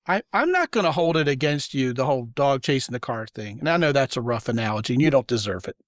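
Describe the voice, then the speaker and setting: A man's voice: medium pitch, sing-song, quick pace, no room sound. Emphatic male podcast host, dry close sound. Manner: emphatic, opinionated, acts out quoted voices. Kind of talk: casual podcast conversation.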